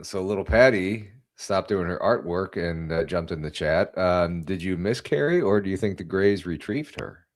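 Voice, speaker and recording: Man, podcast host; low voice, hesitant, encouraging. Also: normal speed, hardly any pauses. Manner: brief supportive backchannels, hesitant questions. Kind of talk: casual interview.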